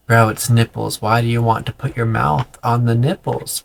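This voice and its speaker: A man's voice: mid-range voice, brisk, creaky, hardly any pauses. A man giving a sarcastic, profane book recap in a casual vlog. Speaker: book vlogger.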